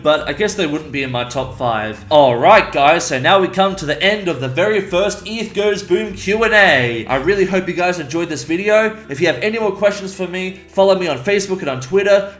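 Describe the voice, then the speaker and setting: Chatty youtuber guy answering fan questions, bright voice, kinda high, echoey room. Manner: upbeat, chatty. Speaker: YouTuber and voice actor. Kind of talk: casual Q&A answers.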